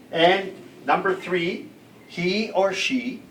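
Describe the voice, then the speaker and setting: A man's voice: sits high, extremely slow, fairly bright tone. Older man teaching, heard from a distance. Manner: patient, checks in with listeners. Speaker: language teacher. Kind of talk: classroom language lesson. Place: classroom with students. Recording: distant mic, faint room noise.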